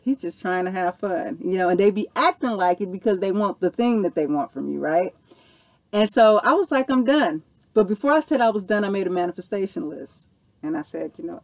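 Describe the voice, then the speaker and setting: Woman, 40s, earnest vlogger answering viewer questions, slightly low voice. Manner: earnest, animated storytelling with repeated "okay" and "you know". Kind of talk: casual Q&A monologue.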